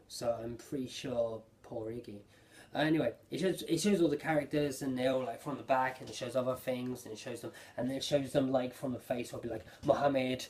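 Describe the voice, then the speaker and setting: Guy rambling thru an anime recap, tons of ums and likes, gets all excited, normal mid voice. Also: mid-range voice. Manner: rambling, filler-heavy, excitable. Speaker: anime reviewer. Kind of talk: casual episode recap.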